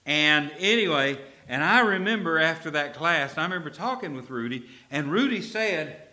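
A man from Texas, a preacher delivering an emphatic sermon and slowing down to stress key phrases. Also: fairly high pitch, animated, pushed and bright.

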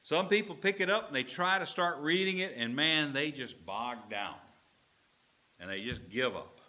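A man's voice: fairly high pitch, lively intonation, normal speed, pushed and bright. A man preaching a sermon in an earnest, emphatic manner, stretching out key phrases.

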